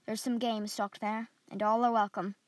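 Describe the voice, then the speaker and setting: A woman reading the part of a gruff, stern male estate guard in a storybook. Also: on the high side, flat delivery, normal speed, no room sound, lightly acted. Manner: gruff, stern then softening.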